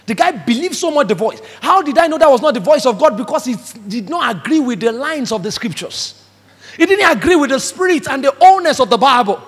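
A man's voice: very high voice, sing-song, a little fast. A man preaching a sermon emphatically, acting out the voices he quotes. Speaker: pastor. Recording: reverberant hall.

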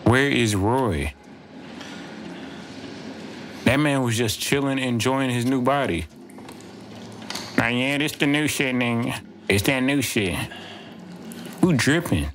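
A man talking through a horror game as he plays, rambling, joking and saying bro every few words. His voice is of middling pitch. Clear game noise runs under him. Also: a little slow, long pauses, a bit bright. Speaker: gaming streamer. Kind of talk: let's play commentary. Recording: game audio playing under voice.

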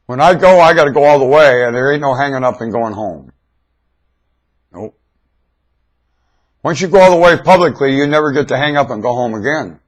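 A man's voice: medium pitch, animated, brisk, long pauses. A man rambling in a loose monologue to his webcam, stammering and repeating himself. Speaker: webcam vlogger. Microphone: webcam mic.

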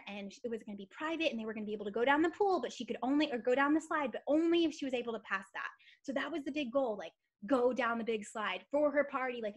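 Woman, higher-pitched voice, energetic motivational speaker, emphatic storyteller, team call. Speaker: team leader on a training call. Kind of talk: motivational talk. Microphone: call or webinar mic.

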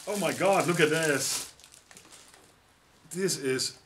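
A middle-aged man with a Dutch accent unboxing gifts in a casual vlog, exclaiming often with excitement. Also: a little high, takes it slowly, pauses often, a little hiss or hum. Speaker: YouTuber.

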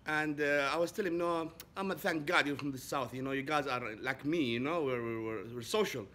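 A man from Saudi Arabia, a native Arabic speaker, telling a casual story in English; his voice jumps high when he gets excited. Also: a little fast. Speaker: vlogger.

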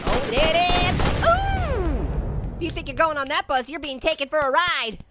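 A man's voice: very high-pitched, big pitch swings, normal speed, over loud music. A man voicing a cheeky, hyper male talking orange who giggles and wisecracks through comedic game commentary. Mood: goofy. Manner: giggly, wisecracking, constant laughing. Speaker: gameplay commentator.

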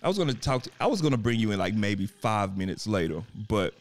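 A man hosting a casual podcast, animated and rambling, laughing as he talks. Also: fairly low pitch, fast talker. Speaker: podcast host.

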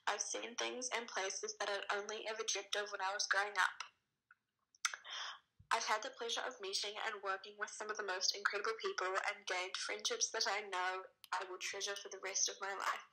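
A woman with a New Zealand accent reads a message aloud at a steady, careful pace. Her voice is bright, with a gravelly, creaky edge. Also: mid-range voice, poor audio. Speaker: guest reader. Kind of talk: reading aloud.

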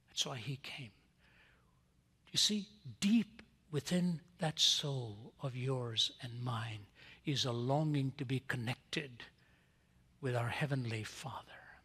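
Bright-voiced preacher in an echoing hall. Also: male voice, mid-range voice, slightly rough. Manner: dramatic swings from hushed to loud. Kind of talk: storytelling sermon. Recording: long reverb of a large hall.

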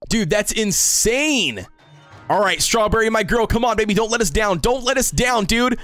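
A young man streaming a mobile game, reacting with loud hype and saying "dude" and "bro" constantly. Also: sits high, expressive, normal speed, no room sound, faint music behind. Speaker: gaming streamer. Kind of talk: excited livestream gacha reaction.

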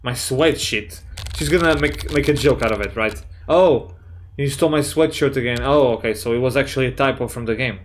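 A man giving excitable, jokey let's play commentary, swearing often and reading chat messages aloud in playful voices. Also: mid-range voice, brisk, slight background noise. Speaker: gaming YouTuber.

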